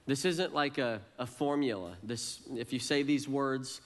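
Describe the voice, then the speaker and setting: A middle-aged man preaching a sermon in an easygoing, conversational way. He pokes fun at himself and often repeats the first words of a phrase before he gets going. His voice sits at an ordinary pitch for a man. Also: measured pace. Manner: conversational, self-deprecating, repeats words when starting phrases. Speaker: pastor.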